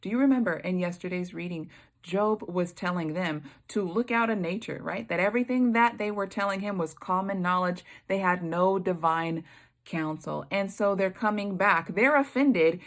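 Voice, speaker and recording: Expressive woman leading Bible study. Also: on the low side, normal speed. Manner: emphatic and expressive, reacting to the text. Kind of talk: scripture reading with commentary.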